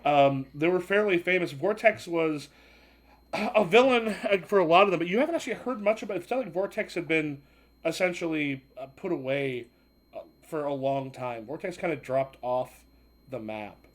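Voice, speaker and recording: A man narrating as game master of a tabletop game, rambling and halting with many fillers. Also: fairly high pitch, lively intonation.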